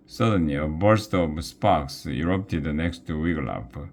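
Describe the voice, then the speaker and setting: A man reading a children's novel aloud, slow and careful, with small restarts. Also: very deep voice, expressive, a little mellow. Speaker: reader.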